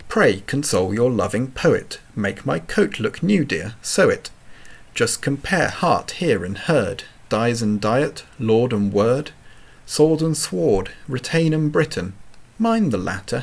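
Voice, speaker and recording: Male reader, slow deliberate recitation, gravelly, animated pitch. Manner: slow, carefully enunciated, lively pitch. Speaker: poetry reader.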